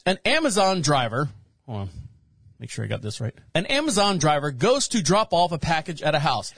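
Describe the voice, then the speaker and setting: A man's voice: a little high, no echo. A man hosting a podcast, talking casually and rambling with frequent restarts. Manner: rambling, self-correcting, chatty. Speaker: podcast host.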